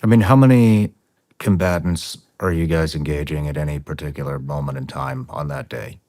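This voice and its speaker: Very deep-voiced male interviewer, dry sound. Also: normal speed, darkish tone, no echo. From United States. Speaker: podcast host. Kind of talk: interview questions.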